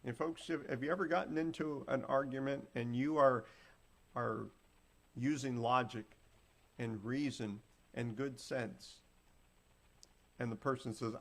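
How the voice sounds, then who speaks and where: Guy with a gravelly voice walking folks through a bible story, plain folksy talk, acts out the lines. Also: medium pitch, fairly even intonation, a little slow, pauses often. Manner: retells scripture in plain folksy words, acting out the quotes. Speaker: preacher. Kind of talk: Bible teaching sermon.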